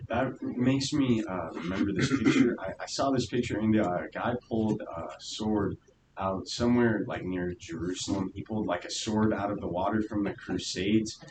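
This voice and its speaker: Deep-voiced hesitant male student, far off. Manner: hesitant, full of fillers. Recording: far off in an echoey room with rumble.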